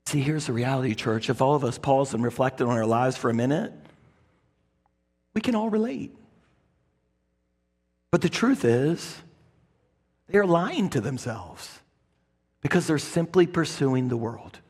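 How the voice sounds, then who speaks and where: A male pastor preaching a sermon in a church, wearing a clip-on mic, telling the story in an animated way that swings from loud to hushed. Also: medium pitch, measured pace, pauses often, long reverb tail. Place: church sanctuary. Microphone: clip-on microphone.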